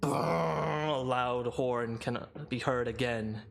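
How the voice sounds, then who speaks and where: A man narrating a tabletop game as game master, unhurried, with many fillers and restarts. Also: medium pitch, a bit bright, a little hiss or hum.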